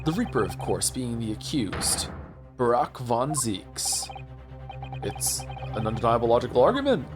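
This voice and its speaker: A man's voice: mid-range voice, big pitch swings, measured pace. A man reading a game aloud, voicing a cold, haughty aristocratic British prosecutor with formal old-fashioned diction. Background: game music.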